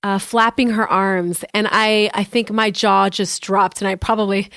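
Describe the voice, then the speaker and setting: A woman's voice: medium pitch, steady tone, a little slow, a bit bright, no echo, studio quality. A woman co-hosting a podcast, telling a personal story in an earnest, heartfelt way and repeating phrases for emphasis. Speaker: podcast co-host sharing her story.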